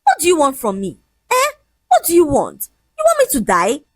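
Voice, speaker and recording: A scornful young man who brushes off his fiancée and lectures her in a quick, mocking rush, voiced by a woman. The voice sits high and husky. It is recorded close and dry. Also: wildly swooping pitch, no echo, heavily acted. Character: arrogant cheating young man, dismissive and shameless.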